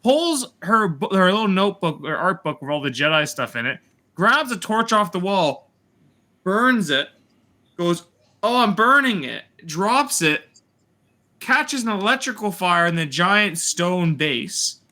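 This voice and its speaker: Man, high voice, bright tone, animated sarcastic review chat. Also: unhurried. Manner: animated, sarcastic retelling with swearing and put-on quotes. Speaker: host reviewing a TV series.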